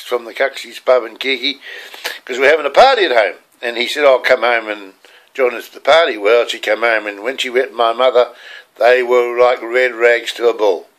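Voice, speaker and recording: A man's voice: mid-range voice, fairly bright tone. An older man with an Australian accent, telling rambling, earnest stories from his childhood. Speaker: storyteller. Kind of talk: personal childhood storytelling.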